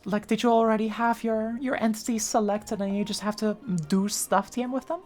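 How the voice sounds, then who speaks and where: A woman's voice: on the high side, steady tone, fairly quick, a little mellow. A woman streamer chatting casually, reading chat aloud, with lots of fillers and restarts. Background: faint background music.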